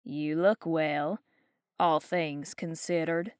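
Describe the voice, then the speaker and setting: A woman's voice: low-pitched, fairly even intonation, takes it slowly, a little mellow, clear, resonant tone, no echo, clean studio sound, pitched below the performer's own voice. A woman voicing a haughty, ageless witch with a thick Southern accent and a cold, condescending drawl. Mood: frosty.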